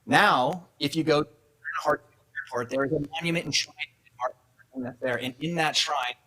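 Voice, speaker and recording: A man's voice: a little high, normal speed, sharp tone, breathy edge, poor audio. A middle-aged man giving a motivational speech at an awards event, telling a family story and acting out the dialogue. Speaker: keynote speaker. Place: event hall.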